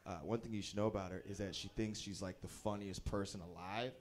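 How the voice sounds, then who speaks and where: A man's voice: on the low side, fairly quick. A young man performing a stand-up comedy set, telling self-deprecating stories with playful shifts in his voice. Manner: animated, self-deprecating storytelling with playful voice swings. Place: small comedy venue at a bowling alley.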